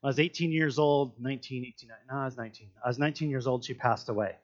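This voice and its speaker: A man's voice: mid-range voice, quick pace, dull audio. A man leading a casual devotional Bible teaching, chatty and earnest with lots of fillers.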